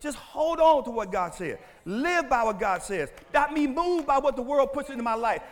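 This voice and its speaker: A man preaching to his congregation in an animated sermon. His voice sits very high and swings widely. He keeps asking the room questions and breaks into shouts. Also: normal speed. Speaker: pastor.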